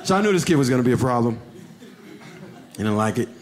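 A man doing stand-up comedy, telling stories and acting out characters with big jumps in pitch, on a comedy club stage. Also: lively intonation, quick pace.

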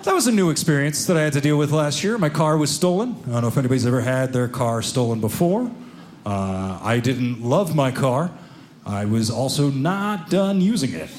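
A man performing a stand-up comedy routine, telling stories with animated delivery and acting out other people's voices. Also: mid-range voice, moderate pace, slight background noise. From Seattle area.

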